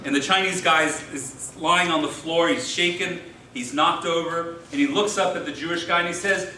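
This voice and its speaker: A man, a rabbi, giving a speech at an interfaith dinner, telling a joke in a relaxed storytelling way. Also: on the high side, normal speed, hardly any pauses. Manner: folksy storyteller, does voices in a joke. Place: large hall. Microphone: distant mic. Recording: echoey hall from far off, noisy.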